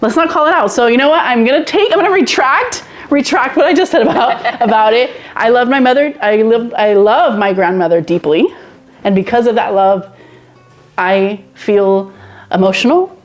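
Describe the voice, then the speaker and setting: A woman hosting a casual podcast chat, animated, laughing often and repeating phrases. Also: a little high, normal speed. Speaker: podcast host.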